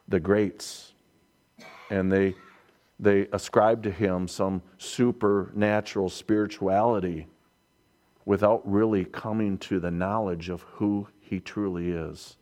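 A man's voice: low-pitched, a little mellow. A man preaching a sermon, emphatic and repeating key lines for weight.

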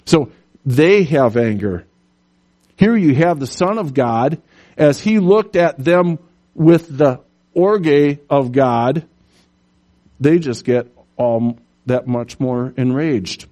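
A man preaching a sermon, animated, telling stories and putting on voices for the characters in them. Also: mid-range voice, slow. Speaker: pastor.

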